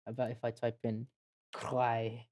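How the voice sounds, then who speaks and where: A woman's voice: extremely low pitch, completely flat delivery, unhurried, a little mellow. A woman streaming a game, chatting casually with lots of giggles and self-deprecating asides.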